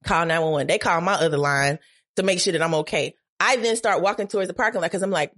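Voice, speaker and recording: Animated woman telling a story. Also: fast. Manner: profane, dramatic, acts out quotes with big pitch jumps. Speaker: podcast guest.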